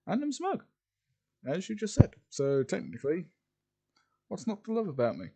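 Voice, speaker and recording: Smug boastful young male wizard as a man reads him, animated pitch, slow pace, fan story reading. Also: slightly rough, exaggerated voice.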